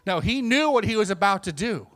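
A man preaching a sermon, swinging between hushed asides and emphatic points, acting out the voices he quotes. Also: sits high, lively intonation, a little fast.

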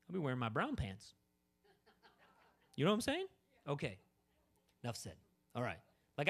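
A pastor preaches in a loose, conversational way, tossing in jokes and asides. His voice sits a little high and leaps all over the place. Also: wildly swooping pitch, fairly quick, long pauses, bright, forceful tone. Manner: casual, joking preaching full of asides. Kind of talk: sermon.

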